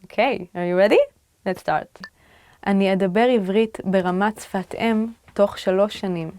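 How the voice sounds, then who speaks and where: A woman presenting a language lesson in a clear, encouraging way. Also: mid-range voice, steady tone, very fast, a little mellow, dry recording. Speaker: language teacher.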